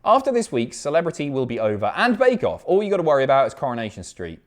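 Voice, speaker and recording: Animated, sweary man. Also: medium pitch, quick pace, hardly any pauses. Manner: animated, sweary, banter-filled. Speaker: live stream host. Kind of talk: casual chat reading viewer messages.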